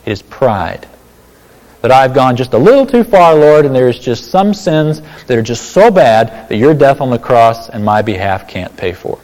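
Animated male preacher in a reverberant hall. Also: medium pitch, normal speed. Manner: animated, emphatic preaching with asides. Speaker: pastor. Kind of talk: sermon.

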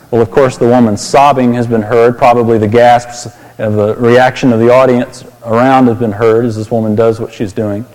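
A man's voice: mid-range voice, a little mellow, big-room sound, poor audio. A pastor preaching a sermon, explaining a Bible passage and asking his listeners questions.

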